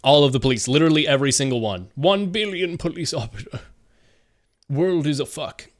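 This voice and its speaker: With game music running under his voice, a man streams a let's-play, reading the game's dialogue aloud while casually joking and swearing. He speaks a little fast in a slightly high voice.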